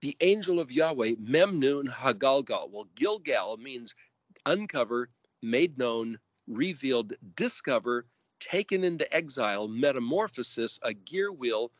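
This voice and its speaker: A man teaching scripture verse by verse, spelling out Hebrew letters and word roots deliberately and rising sharply when stressing commands. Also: medium pitch, lively intonation, no room sound, lo-fi sound. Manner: emphatic rises on commands. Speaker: Bible teacher.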